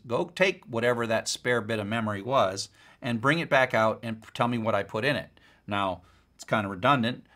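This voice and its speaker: A middle-aged man teaching a recorded course lecture, his voice bright and forward. He explains in a relaxed, conversational manner and leans on playful everyday examples to make a point. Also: fairly low pitch. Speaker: university lecturer.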